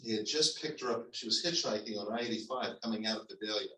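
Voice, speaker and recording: A man who is a pastor, telling a personal story to his congregation in a conversational, halting way with restarts. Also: on the low side, pushed and bright. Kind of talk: storytelling sermon. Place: church sanctuary. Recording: echoey church hall, mic at a distance.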